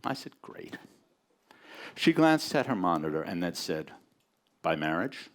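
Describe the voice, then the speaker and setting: Low-voiced man reading aloud. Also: measured pace. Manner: relaxed, conversational, dry delivery. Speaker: event speaker reading a friend's story. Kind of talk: live reading to an audience.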